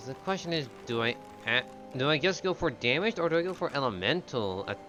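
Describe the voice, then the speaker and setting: A man's voice: medium pitch, animated, brisk, music in the background. A man chatting casually while playing a video game with friends, eager for gear but hesitant, with many fillers. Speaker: game streamer, player. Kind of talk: casual gaming chat.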